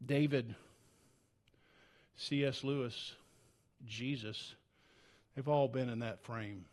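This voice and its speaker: This pastor takes his sermon slowly in a church, his tone steady. He is earnest and conversational, restarting frequently, and moves between loud urgency and quiet, low passages.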